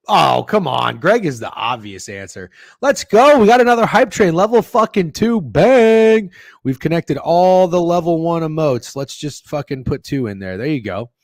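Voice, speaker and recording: Profane, rambling sports-betting stream host. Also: male voice, mid-range voice, animated, moderate pace, vocal fry, no room sound, clean studio sound. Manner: rambling, profane and joking, with sudden loud outbursts. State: sore throat, coughing. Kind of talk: casual livestream chat reading viewer messages. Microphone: close studio microphone.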